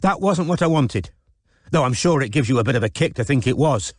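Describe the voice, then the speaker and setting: A man voicing a tense young woman who turns fierce, speaking clipped and shouting in an audiobook. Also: mid-range voice, expressive, fairly quick, dry recording, clean studio sound, voice pushed up, close to an everyday voice. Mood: furious. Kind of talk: audiobook character voice.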